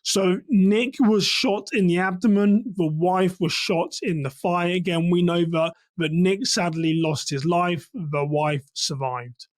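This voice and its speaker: High-voiced man from England, instructive. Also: unhurried, hardly any pauses, no echo. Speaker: church security trainer. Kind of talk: commentary on a case.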